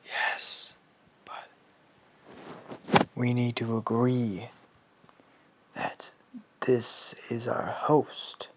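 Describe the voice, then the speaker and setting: A man voicing a protective, tactical alien symbiote, speaking low and hushed. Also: little pitch movement, extremely slow, pauses often, very noisy. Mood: stern.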